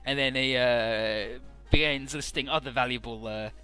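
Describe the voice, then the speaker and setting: A man's voice: medium pitch, steady tone, moderate pace, sharp tone, faint music behind. A man casually recapping a game's story in an offhand, profane, amused way, with frequent "uh"s.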